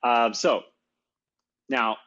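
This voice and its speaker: A man's voice: mid-range voice, fairly even intonation, drawn-out words, fairly bright tone, muffled recording. A middle-aged man giving a casual, self-deprecating technical conference talk, with many fillers. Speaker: conference speaker.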